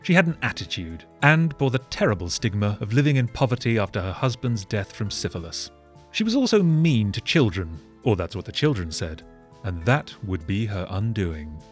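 A man narrating a comedic history story with sardonic, deadpan asides. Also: fairly low pitch, normal speed, soft background music.

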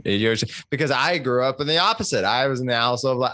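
A man's voice: mid-range voice, animated, a little fast, sharp tone, no room sound. A man co-hosting a casual chat, talking in a reflective, agreeing way. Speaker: podcast co-host.

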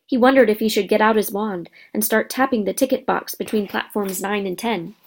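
A woman's voice: medium pitch, brisk. Woman reading a storybook aloud. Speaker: narrator.

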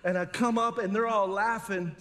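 He's a middle-aged male pastor whose high-sitting, fairly bright voice moves at normal speed with fairly even intonation. His sermon is conversational and funny, woven with stories from his own life.

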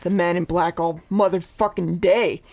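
A man's voice: high voice, steady tone, normal speed, a little mellow. A man co-hosting a podcast in rambling, sarcastic casual chat, swearing freely. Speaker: podcast co-host.

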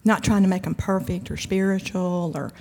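A woman's voice: on the low side, steady tone, normal speed, mellow. A woman giving a conversational, emphatic sermon-style talk at a church event, with humor and frequent asides. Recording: long hall reverb.

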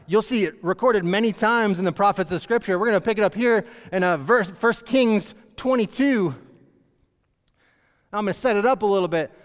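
A high-pitched man delivers a relaxed storytelling sermon, slipping into lively put-on voices for the characters. His talk is loose and chatty, full of fillers and restarts. The sound rings with the long tail of a large church hall. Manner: chatty, animated retelling with acted-out voices and many fillers. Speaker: preacher.

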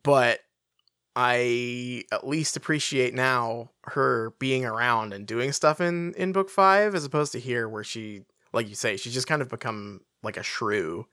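A podcast co-host in casual book-discussion chat, wry and animated, often restarting sentences. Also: medium pitch, a little slow, dry recording, studio quality.

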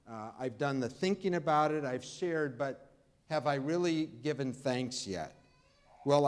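A man preaching a Sunday sermon, talking to the congregation in an easy, conversational way and leaning hard on key words. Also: medium pitch. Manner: preaching, warm conversational pauses, emphatic rises. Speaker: pastor. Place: church.

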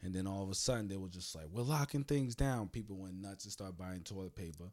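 A man in casual podcast chat, telling stories loudly and animatedly and swearing a lot. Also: deep voice, quick pace.

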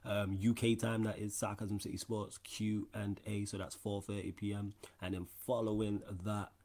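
Laid-back podcast host. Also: male voice, on the low side, flat delivery, moderate pace, a little mellow. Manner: laid-back, slangy, runs the show rundown. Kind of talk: casual football podcast chat.

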